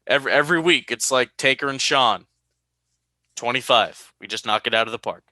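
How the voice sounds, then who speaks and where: A young man hosts a casual podcast, bright and forceful in tone. He tells stories with animation, often jumping up high to act out what others said. The sound is dry and close, with no room around it. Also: fairly quick, no room sound. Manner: animated storytelling, high-pitched quoted voices. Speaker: podcast host.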